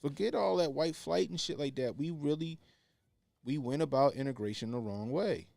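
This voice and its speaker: A man's voice: fairly high pitch, moderate pace, creaky, darkish tone, no echo. A man talking in casual opinionated commentary, blunt and profane, repeating his points for emphasis. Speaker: podcast co-host.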